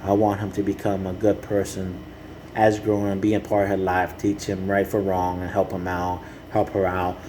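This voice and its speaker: Earnest low-voiced man, halting monologue. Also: completely flat delivery, mellow, slight background noise, rough recording. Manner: halting, repeats "you know" often; earnest and heartfelt. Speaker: father speaking to camera. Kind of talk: rambling personal monologue.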